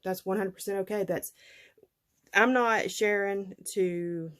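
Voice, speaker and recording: A woman's voice: mid-range voice, steady tone, a little slow, a bit bright. A middle-aged woman, chatting casually to her viewers in a folksy way, laughing often. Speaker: vlogger.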